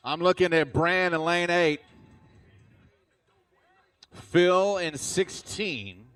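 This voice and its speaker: A man's voice: high voice, extremely slow, fairly bright tone, clean tone. A man announcing a live arena fitness competition, hyped and cheering the athletes on. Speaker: event announcer. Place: large indoor arena.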